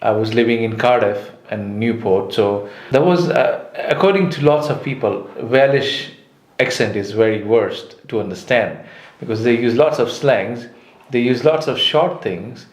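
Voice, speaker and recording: A man's voice: mid-range voice, unhurried. A man from India, chatting casually and often restarting his sentences. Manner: hesitant, with frequent restarts and fillers. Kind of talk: casual conversation. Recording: roomy echo.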